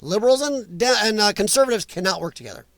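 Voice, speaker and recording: A man's voice: sits high, lively intonation, fast talker, no room sound. A man hosting a casual live stream, ranting bluntly with strong opinions while reading viewer comments.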